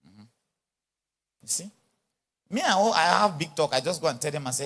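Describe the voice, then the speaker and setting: A man's voice: fairly high pitch, normal speed, pauses often. A man preaching a sermon at a conference, speaking with an influence and acting out little dialogues. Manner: animated, mixes in pidgin English and acted-out dialogue. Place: large church or conference hall.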